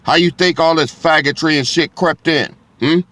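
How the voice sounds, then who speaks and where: A man's voice: fairly high pitch, normal speed, a bit bright, no room sound. Blunt, profane preaching man. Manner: blunt, profane and confrontational, repeatedly checking in with listeners. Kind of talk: sermon with scripture reading.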